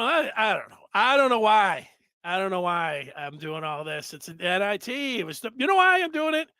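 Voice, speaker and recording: A man with a very high, gravelly voice picks apart a basketball loss in a rambling, exasperated monologue. His tone is bright and forceful, and the sound is dry and close, with no room around it. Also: dry recording. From United States. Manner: exasperated, rambling analysis with rhetorical questions. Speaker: sports show host. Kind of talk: postgame call-in style sports talk.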